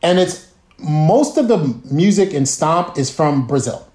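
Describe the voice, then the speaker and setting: A man in his fifties, a guest telling lively, profane stories and acting out the people in them. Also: on the high side, unhurried. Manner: lively, profane, quotes people in put-on voices. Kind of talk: casual storytelling. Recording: echoey room.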